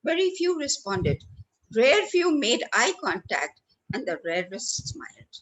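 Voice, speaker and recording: A woman's voice: a little high, very animated, a little slow, a bit bright, low-quality recording. A woman leading a training workshop, stressing words for effect and speaking to listeners by name. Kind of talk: lively training talk. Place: lecture hall.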